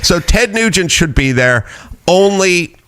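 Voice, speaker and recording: A man's voice: high-pitched, animated, unhurried, fairly bright tone, clean tone. A middle-aged man hosting a casual talk show, ranting bluntly and profanely with mock quotes. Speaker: podcast host. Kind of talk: casual chat.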